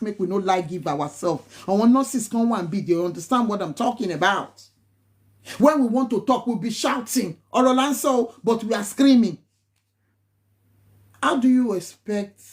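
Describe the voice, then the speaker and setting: A woman's voice: medium pitch, mellow. Emphatic Nigerian woman lecturing. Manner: emphatic, preachy, repeats phrases for stress; slips into pidgin and Yoruba phrases. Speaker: nurse. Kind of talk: casual live-stream advice talk.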